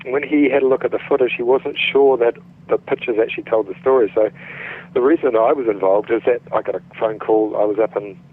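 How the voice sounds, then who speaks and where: A middle-aged man from New Zealand with a New Zealand accent, an actor telling stories in a relaxed interview, chatty with many restarts. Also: medium pitch, fairly quick, no echo. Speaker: actor guest. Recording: tinny phone-line sound.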